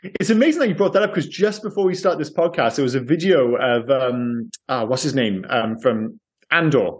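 A man co-hosting a podcast in casual chat, animated and hesitant, acting out what people said. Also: medium pitch, moderate pace. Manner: animated, hesitant, acts out quotes. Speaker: podcast co-host.

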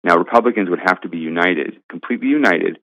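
A man's voice: deep voice, fast talker, bright, forceful tone, no room sound. A man, a senior editor, giving emphatic, argumentative political commentary in an interview. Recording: tinny phone line.

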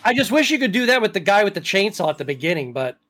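High-voiced man hosting a casual podcast. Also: sing-song, fast, a bit bright. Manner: chatty storyteller with frequent restarts. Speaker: podcast host. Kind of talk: casual chat.

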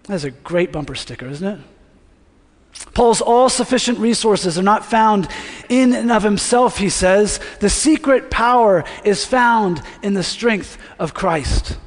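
A male pastor preaching a sermon in a conversational way, asking the congregation to repeat words after him. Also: high voice. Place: church sanctuary. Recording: long reverb of a large hall.

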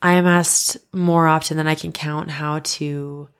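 A young woman with a low, gravelly voice tells a personal story on her podcast. She gets animated and acts out the voices of the people in it. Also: a little slow. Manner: animated, quoting others in dialogue, breaks into laughs. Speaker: podcast host.

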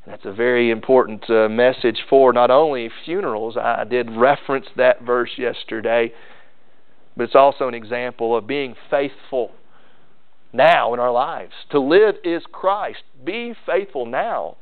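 A man's voice: mid-range voice, fairly even intonation, normal speed, clean tone, phone-quality sound. Guy preaching, folksy, keeps repeating lines for punch, sounds thin like a phone recording. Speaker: pastor. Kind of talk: sermon.

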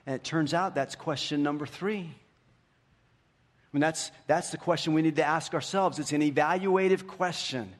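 A pastor in his fifties preaching a sermon, telling stories with animation and dropping to hushed, repeated questions. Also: on the high side, unhurried. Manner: animated storytelling, swings from hushed questions to lively retellings. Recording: long hall reverb.

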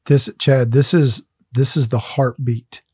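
A man's voice: medium pitch, fairly even intonation, measured pace, a little mellow, slightly rough, no echo, studio quality. A man hosting a faith conversation, telling a personal testimony in an earnest, emotional way.

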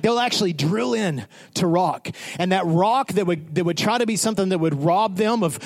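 Impassioned high-voiced male preacher. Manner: impassioned, swings from shouting to hushed whispers, repetitive chanting. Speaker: pastor. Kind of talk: sermon.

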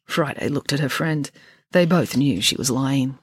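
A woman's voice: rumbling low, measured pace, breathy edge, no room sound, clean studio sound. A woman reading her own children's novel aloud for a podcast, switching between voices for each character.

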